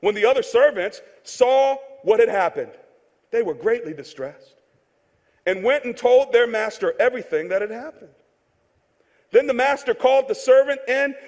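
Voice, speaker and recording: A man's voice: extremely high pitch, lively intonation, moderate pace, darkish tone. A male pastor preaching a sermon in a conversational, joking way, repeating key phrases for emphasis. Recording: long reverb of a large hall.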